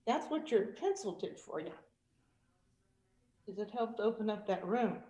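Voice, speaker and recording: Animated woman coaching singers, echoey room. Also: medium pitch, a little slow. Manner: animated, demonstrative, laughs often, sings vocal exercises. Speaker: vocal coach and guest speaker. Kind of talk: vocal technique demonstration. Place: virtual meeting. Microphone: video call.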